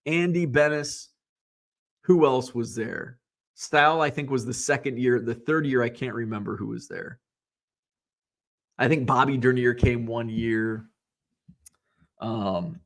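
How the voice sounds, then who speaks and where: A man's voice: mid-range voice, moderate pace, pauses often. A man hosting a sports card livestream, chatting loosely, telling rambling stories, swearing casually, and reading viewers' comments aloud. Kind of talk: casual livestream chat and storytelling.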